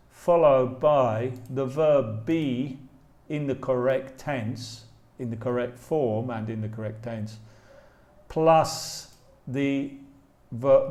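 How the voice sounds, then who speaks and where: A man from England with an English accent, teaching a grammar lesson slowly and patiently, repeating key points with frequent ums. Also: medium pitch, a little mellow. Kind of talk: slow, explanatory grammar lesson.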